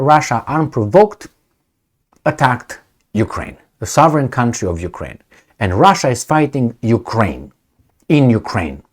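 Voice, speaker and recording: A man giving solo video commentary, sarcastic and mocking, firing off rhetorical questions. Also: mid-range voice. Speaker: political commentator.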